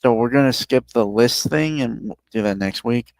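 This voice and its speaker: A man co-hosting a podcast who sounds tired and talks in a relaxed, hedging way, starting often with "um". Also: medium pitch, normal speed, no echo. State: tired, yawning. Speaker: podcast co-host. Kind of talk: casual chat, movie review.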